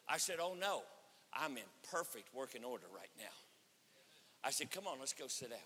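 A man preaching at a conference, telling a story with acted-out dialogue and rising to shouts. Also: fairly high pitch, moderate pace, breathy edge. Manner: animated, acts out dialogue, swells to shouting. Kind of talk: sermon storytelling. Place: church or conference hall. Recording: reverberant hall.

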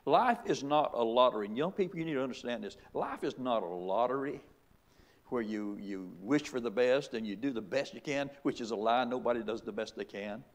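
A middle-aged man preaches a sermon from the pulpit. He drives his points with repeated rhetorical questions and emphatic restarts. His voice sits at an ordinary middle pitch. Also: expressive, a little fast. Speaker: pastor.

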